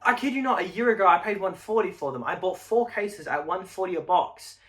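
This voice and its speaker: A young man hosts his own channel, doing casual straight-to-camera market talk. His high, slightly bright voice moves a little fast, and he speaks bluntly and emphatically, swearing now and then.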